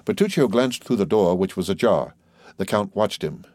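A man narrating a classic novel audiobook in a steady, even storytelling voice. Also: on the low side, normal speed, no room sound.

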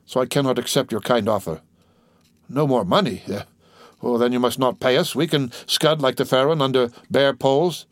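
A man voicing an old sailor who speaks plainly and rough of a wreck at sea. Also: medium pitch, normal speed, no room sound, clean studio sound, close to an everyday voice. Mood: pleading. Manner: plain-spoken, loyal, rough. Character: old sailor telling of a shipwreck.

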